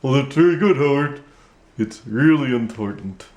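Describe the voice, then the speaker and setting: A man's voice: medium pitch, animated, moderate pace, a little mellow, close to an everyday voice. A man voicing a pushy middle-aged male landlord puppet, talking through still lips with a slightly muffled sound, in an echoey room. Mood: chirpy.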